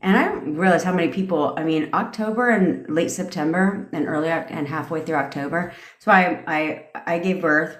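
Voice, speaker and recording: A woman's voice: deep voice, normal speed, hardly any pauses. Profane, blunt woman coach in an echoey room. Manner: blunt, profane, laughing often. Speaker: manifestation coach. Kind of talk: casual livestream talk to viewers. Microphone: phone or webcam.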